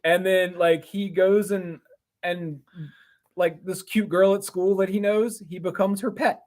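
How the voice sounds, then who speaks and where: Higher-voiced man, eager casual chat. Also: steady tone, a little slow, a little mellow. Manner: enthusiastic, rambling with fillers and repeated starts. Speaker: co-host.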